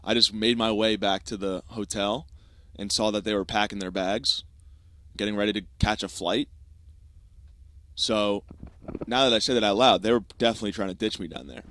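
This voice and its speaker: A young man tells a comic story in a fast, profane, animated way, slipping into quick voiced asides. His voice sits fairly low. The sound is dry and close, with no room around it. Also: dry recording. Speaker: podcast host. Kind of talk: comedic storytelling monologue.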